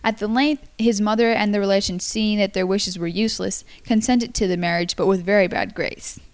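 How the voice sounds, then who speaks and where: A woman's voice: medium pitch, fairly even intonation. A young woman reads an old folktale aloud in a loose, amateur way. She trips over words often, restarts, and stops to apologize before carrying on. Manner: halting, stumbles and apologizes. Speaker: amateur story reader. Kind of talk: casual read-aloud of a folktale.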